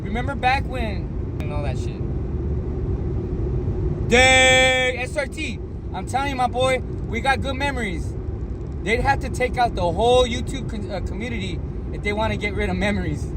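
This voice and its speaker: A man with a Northeastern US accent chats loosely on his road trip livestream, his voice sitting high for a man. Heavy road and engine noise from the moving car runs under everything he says. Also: moderate pace. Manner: loose, animated, greets chat viewers. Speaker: livestream host.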